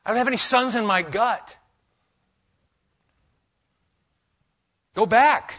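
A man's voice: sits high, animated, moderate pace, bright, forceful tone, highs cut off, voice pushed up, heavily acted. A man voicing a blunt, pragmatic widowed older woman, exasperated and insistent.

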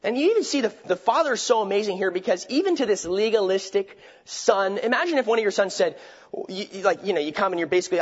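A man with a notably high voice preaches a sermon, talking it through conversationally. He poses rhetorical questions and often restarts his phrases, and the recording sounds dull and lo-fi. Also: expressive, fast, breathy edge.

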